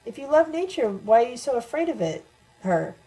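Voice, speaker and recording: A woman voicing a sharp, sarcastic woman with a brisk manner, in an audiobook reading. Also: a little high, big pitch swings, voice pushed up, low-quality recording.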